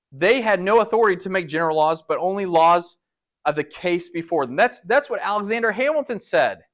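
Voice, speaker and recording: Man, slightly high voice, animated lecturer who keeps asking the room questions. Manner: animated, asks the audience many rhetorical questions. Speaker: speaker at a public talk. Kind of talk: lecture to a live audience.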